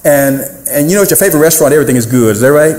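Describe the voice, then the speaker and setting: Male pastor, fairly high voice, lively call-and-response sermon, reverberant church sound. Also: rapid-fire. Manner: animated preaching with call-and-response and sung phrases. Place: church sanctuary. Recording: echoey church room.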